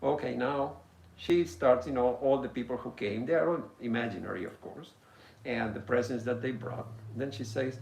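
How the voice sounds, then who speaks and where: A male swami delivers a spiritual discourse, telling stories unhurriedly with pauses and restarts. His voice carries a gravelly edge, and the sound rings in an echoey room. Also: medium pitch, a little hiss or hum. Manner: gentle storytelling with pauses and restarts.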